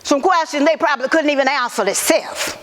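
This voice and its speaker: Actress doing a woman activist, slow high voice, halting earnest testimony in an echoey hall. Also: a bit bright. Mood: solemn. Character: Southern Black woman civil rights activist testifying. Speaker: actor in museum portrayal. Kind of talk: first-person historical monologue.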